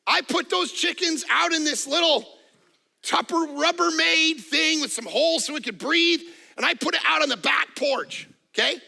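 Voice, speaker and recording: A middle-aged man preaching a sermon as a pastor, animated, acting out little voices and jokes. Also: extremely high pitch, moderate pace, creaky. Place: church auditorium.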